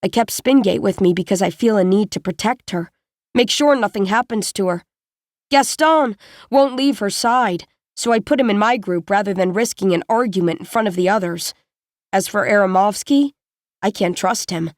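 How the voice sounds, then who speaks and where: A woman reading a first-person audiobook in a steady, measured storytelling manner, close to a studio mic. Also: mid-range voice, dry recording. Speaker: audiobook narrator.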